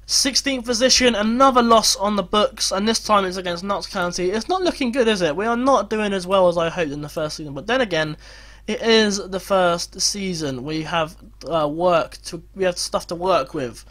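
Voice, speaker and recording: A young man with a high, bright voice commentates his football management game. He mutters and complains through the slow stretches, then bursts into loud yells when a goal goes in. His talk is casual and quick to shift. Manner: excitable, swings between glum muttering and loud shouts at goals. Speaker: gaming YouTuber. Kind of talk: Let's Play commentary.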